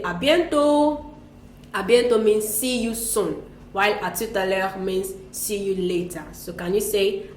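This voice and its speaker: A woman teaching French greetings in a relaxed lesson, patiently explaining and repeating example phrases. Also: mid-range voice, echoey room, a little hiss or hum. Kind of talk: conversational language lesson.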